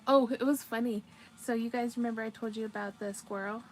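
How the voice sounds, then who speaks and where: A woman's voice: on the high side, fairly even intonation, fairly quick, soft background music, rough recording. A woman casually chatting with her viewers during a crochet livestream, giggling often and answering their comments.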